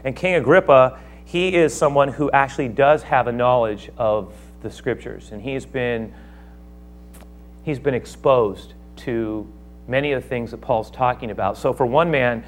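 A man preaching a sermon, acting out the speakers of his text with sudden loud outbursts. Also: medium pitch, a little slow, a little hiss or hum. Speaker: pastor.

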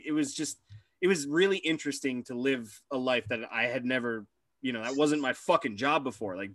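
A man co-hosting a podcast and telling animated, profane stories about his hockey days. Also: mid-range voice, no echo. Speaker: podcast co-host, former hockey player. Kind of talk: casual podcast chat.

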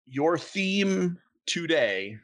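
A man's voice: on the high side, very animated, very slow. A man hosting a casual podcast, playfully running a word game with his co-host. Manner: playful, reads aloud with a put-on pirate lilt.

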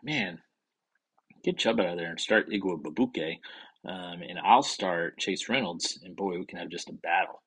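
A man with a very low, husky voice talks through his fantasy football league alone. He rambles and cracks jokes. When he trips over a name he swears quietly to himself. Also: unhurried. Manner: rambling, wisecracking, swears under his breath. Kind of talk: casual solo sports chat.

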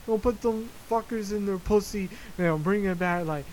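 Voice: medium pitch, normal speed, slight background noise, low-quality recording. A podcast host ranting casually, swearing constantly and breaking into laughter while telling stories. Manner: profane, frequently laughing, animated storytelling. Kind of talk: casual solo rant. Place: Florida.

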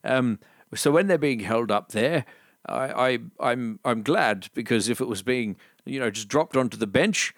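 A man co-hosting a comedy podcast with a deadpan, absurd delivery. He rambles through improvised bits at an even, middling pitch. The recording is dry and close. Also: normal speed, no room sound. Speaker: podcast co-host.

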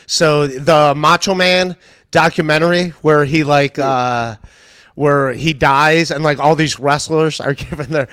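Comedian guest, man, pitched a bit high, storyteller who plays out quotes, dry close mic. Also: steady tone, unhurried, fairly bright tone, dry recording. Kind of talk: casual podcast chat.

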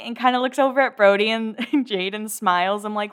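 A woman's voice: fairly high pitch, normal speed, few pauses, smooth. Chatty woman with sarcastic asides. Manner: rambling, sarcastic asides, self-corrections. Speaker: podcast host recapping a reality show. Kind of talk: casual chatty recap.

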